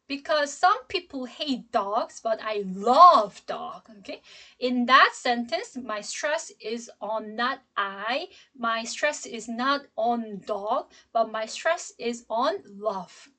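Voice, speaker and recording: A middle-aged woman, an English professor, giving a classroom lecture in a slow, emphatic way and demonstrating intonation as she goes. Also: a little high, a bit bright.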